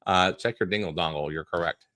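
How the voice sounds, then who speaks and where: A man's voice: low voice, fairly quick, bright, forceful tone, dry recording, clean studio sound. A man co-hosting a casual live stream, chatting loosely with frequent restarts and filler words. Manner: rambling, restarts with many uhs. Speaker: co-host.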